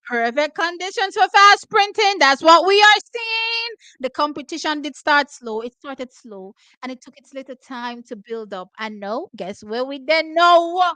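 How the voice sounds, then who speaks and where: A high, bright Jamaican woman reacts to the races at full volume, hoarse and nearly out of voice. She jumps between patois and English as she cheers and breaks things down. The sound is close and dry, with no room around it. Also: measured pace, hardly any pauses, dry recording, rough recording. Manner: excitable, loud exclamations, switching between patois and English. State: hoarse, losing her voice. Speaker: track and field watch-party host. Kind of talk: live race reaction commentary.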